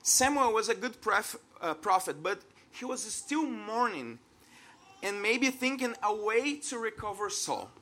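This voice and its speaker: A man's voice: high voice, big pitch swings, measured pace, sharp tone. A man in his thirties from Brazil with a Brazilian Portuguese accent, preaching an earnest, conversational sermon and laughing at himself now and then. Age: 30s.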